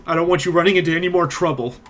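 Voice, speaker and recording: A man voicing a blunt, gruff mercenary leader in a tabletop game. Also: fairly high pitch, rapid-fire, a bit bright, lightly acted.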